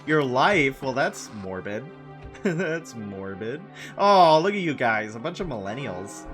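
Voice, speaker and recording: A man streaming a video game, chatting casually with his audience in a playful, giggly way and repeating phrases for laughs. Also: medium pitch. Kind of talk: casual commentary while playing.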